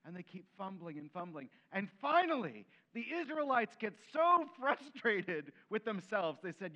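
A man preaching a sermon in an animated way, acting out quoted voices and dropping to soft, gentle tones. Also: high-pitched, unhurried, few pauses, highs cut off. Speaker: pastor.

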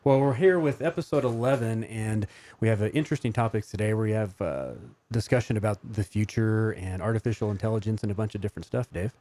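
A man's voice: lowish voice, quick pace, warm tone. A man hosting a podcast in casual chat, chatty, with lots of fillers. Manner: chatty, filler-heavy, laughs easily. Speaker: podcast host.

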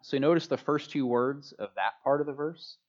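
A man's voice: medium pitch, normal speed. Laid-back guy preaching at church, chatty, cracks jokes about himself, kinda dull muffled recording. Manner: relaxed, chatty, self-joking. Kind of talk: casual sermon. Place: church hall with a congregation. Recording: dull lo-fi sound.

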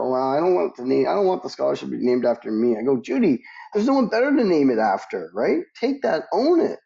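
Middle-aged male interviewee, gravelly and warm, emphatic with frequent restarts, dull lo-fi sound. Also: medium pitch. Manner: emphatic, many restarts, voice rises when quoting others. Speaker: guest, aviation professional. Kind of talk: conversational interview answers.

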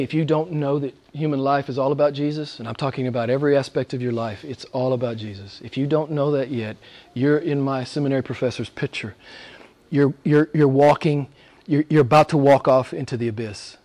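A man preaching a sermon with passion, asking the same questions again and again, swinging from loud exclamations to hushed near-whispers. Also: mid-range voice, steady tone, normal speed. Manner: repeats rhetorical questions. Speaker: pastor.

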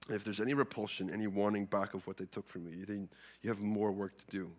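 A man with a somewhat low voice gives a sermon. He talks in an earnest, conversational way and often restarts or repeats words mid-sentence. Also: steady tone, quick pace. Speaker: pastor.

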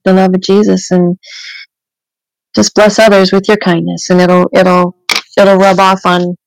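A woman's voice: on the low side, little pitch movement, unhurried, vocal fry, dry recording, poor audio. A woman co-hosting a casual podcast chat, telling everyday stories with frequent restarts and "you know".

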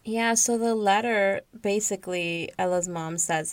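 A woman co-hosting a podcast, recapping a book in casual chat with sarcastic, animated asides. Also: medium pitch, moderate pace, few pauses, no room sound. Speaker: podcast co-host.

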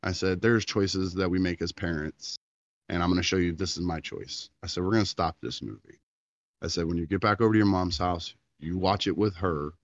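A man's voice: sits low, steady tone, a little fast, dry recording, lo-fi sound. A man in his thirties, a podcast co-host, telling a long story in casual chat and acting out the quotes.

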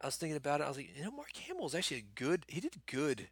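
A man's voice: on the high side, wildly swooping pitch, rapid-fire, husky, no room sound. A man in casual chat, laid-back, laughing easily and often saying "man" and "you know".

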